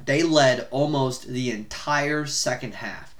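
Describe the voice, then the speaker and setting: A man's voice: mid-range voice, takes it slowly, a little hiss or hum. Rambling casual sports-chat man. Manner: swearing, rambling, animated retelling. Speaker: podcast co-host.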